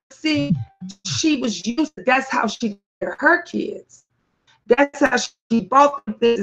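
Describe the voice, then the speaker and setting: A woman's voice: fairly high pitch, a little slow, fairly bright tone, muffled recording. Blunt, profane woman talk-show host. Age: middle-aged. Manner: blunt, profane, fired-up storytelling. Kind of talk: live-stream commentary, reading chat.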